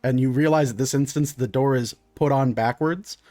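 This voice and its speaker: A man's voice: medium pitch, normal speed, dark tone, dry recording. A man narrating a tabletop game as game master, in a loose, rambling way with frequent restarts.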